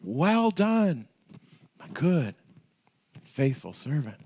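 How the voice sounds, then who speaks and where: A preacher acting out a master who bursts with excitement as he checks on his servants, his voice jumping up high. He praises them in bright exclamations. It is a man's lively sermon voice. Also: very slow, slight background noise, exaggerated voice. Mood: pleased. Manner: exclaiming, upbeat.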